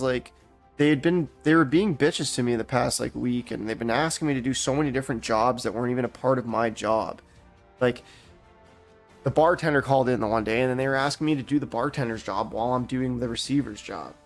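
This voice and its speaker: A man's voice: medium pitch, brisk, soft background music. A young man from Canada rambling through a profane, heated story while gaming, often restarting his sentences. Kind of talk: casual rant while gaming.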